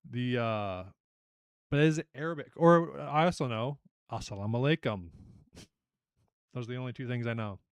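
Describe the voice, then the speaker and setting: A young man hosting a casual online trivia night, chatty and animated as he reads out questions and reacts to the players. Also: medium pitch, moderate pace, pauses often, clean tone, no echo. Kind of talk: casual livestream quiz hosting.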